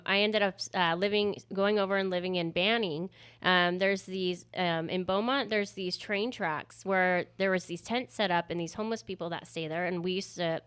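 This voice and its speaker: A young woman telling her personal story in a casual, animated way, with many fillers. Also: lowish voice, clear, resonant tone.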